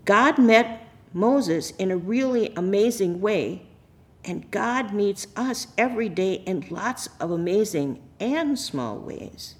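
Church lady reading the bible and talking to the kids, gentle storytelling, mid pitch. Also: animated, slow pace. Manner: gentle, storytelling tone aimed at children. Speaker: lay reader and children's message leader. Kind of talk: scripture reading and children's sermon.

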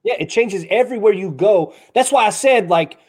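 A man's voice: sits high, moderate pace. A man co-hosting a podcast, arguing his point in a profane, casual debate. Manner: profane, argumentative, animated. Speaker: podcast co-host.

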